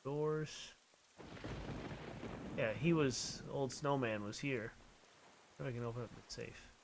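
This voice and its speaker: A man casually commenting as he plays a video game, with low-key, mumbled asides. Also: slow pace, gravelly, background noise. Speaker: let's play host.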